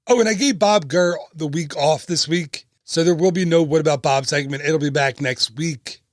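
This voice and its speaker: A man's voice: fairly high pitch, normal speed, no echo, clean studio sound. A man in his thirties hosting a casual travel podcast, upbeat and chatty with joking asides. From United States. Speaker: podcast host and travel agent.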